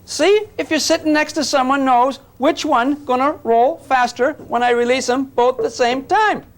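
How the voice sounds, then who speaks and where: A man's voice: very high-pitched, moderate pace. A man teaching physics to a class, joking and coaxing the students while he demonstrates. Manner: jokey, coaxing, calls students gang.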